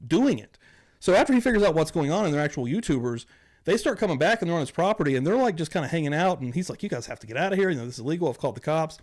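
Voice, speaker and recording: A man's voice: on the high side, darkish tone. A man hosting a casual livestream chat, rambling along, swearing often and chuckling as he talks. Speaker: host.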